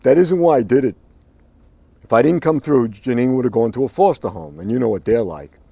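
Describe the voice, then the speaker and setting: A man's voice: medium pitch, lively intonation, gravelly, mellow, breathy edge, no room sound, voice pushed up. A man voicing a desperate pleading woman. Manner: pleading, rushed, defensive. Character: tough hardened woman caught between kin. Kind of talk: audiobook narration.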